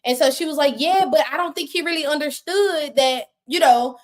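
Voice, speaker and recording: A woman guest on a live video call, telling her story in casual, animated talk, acting out what people said with slang and swearing. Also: high voice, normal speed. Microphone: phone on a live video call.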